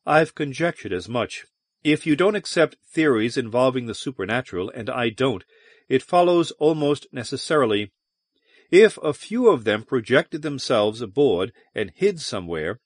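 A man's voice: medium pitch, sing-song, moderate pace, no room sound, studio quality. A man voicing a proud, haughty young noblewoman who serves as a naval officer, in a slightly raised, clipped delivery. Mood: musing.

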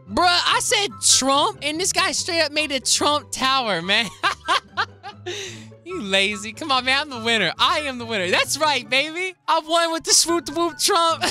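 Excitable young gamer man, lively pitch. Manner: excitable, slangy, laughs a lot. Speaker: YouTuber. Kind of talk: gaming commentary.

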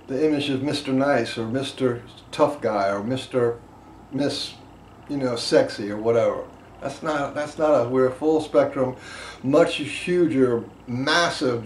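A man teaching a group about emotional release, impassioned, swinging between loud emphasis and quiet asides. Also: medium pitch. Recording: echoey room with faint background noise.

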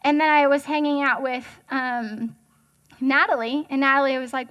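A woman's voice: sits high, steady tone, moderate pace, a bit bright. A young woman giving a casual, chatty sermon as guest speaker, joking and asking the audience questions.

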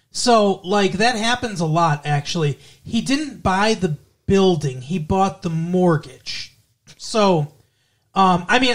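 A man co-hosting a podcast, casually recapping a TV episode and explaining things at length with many restarts. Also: sits high. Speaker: podcast co-host.

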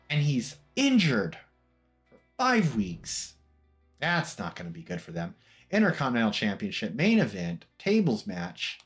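A man talks through his game in a loose, wry commentary voice, his pitch swinging up and down. He is of middle pitch and quick to joke. Soft background music plays beneath him. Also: wildly swooping pitch. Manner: quick, wry recap with mock quotes. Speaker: gameplay commentator.

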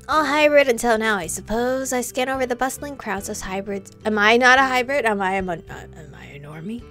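Woman with a gravelly, playful voice. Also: medium pitch. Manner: chatty and playful, reacting aloud with quick laughs. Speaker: gameplay streamer. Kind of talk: casual let's-play commentary, reading game text aloud.

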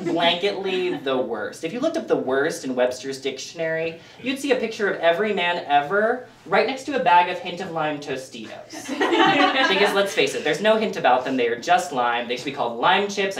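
A man performing a self-deprecating stand-up set with deadpan asides for a small audience in a living room. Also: a little high, fairly quick, echoey room, far from the mic, a crowd in the background. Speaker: stand-up comic.

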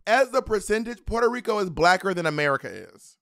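A man's voice: sits high, sing-song, fairly quick, vocal fry, fairly bright tone, no room sound, clean studio sound. A man co-hosting a casual podcast chat, playful and joking, breaking into silly fake-accent bits. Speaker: podcast co-host.

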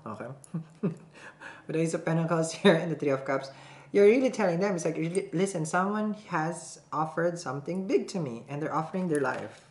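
A woman giving a casual tarot reading to camera, chatty, laughing often and checking in with her viewers as she goes. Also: deep voice. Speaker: tarot reader. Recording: roomy echo, faint background noise.

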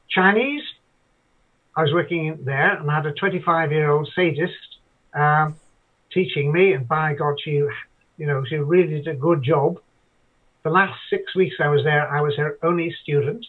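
An older man from Ireland chats as a guest over a tinny, phone-like line. His voice sits a little high for a man. He rambles along with hesitant restarts. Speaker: guest interviewee. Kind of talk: casual storytelling chat.

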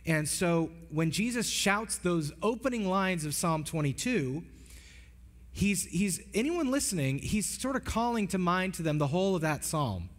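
A man's voice: sits high, sing-song, measured pace. A man preaching a sermon as pastor, earnest and emphatic, often restarting his phrases. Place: church sanctuary. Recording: long hall reverb.

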